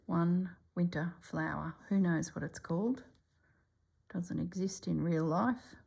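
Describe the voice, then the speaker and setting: A middle-aged woman with a low, gravelly voice talks casually while she stitches, often slipping into a hushed whisper. Her tone is husky and a little breathy, unhurried and homely. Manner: often drops to a soft whisper. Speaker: stitching channel host. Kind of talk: casual stitching vlog chat.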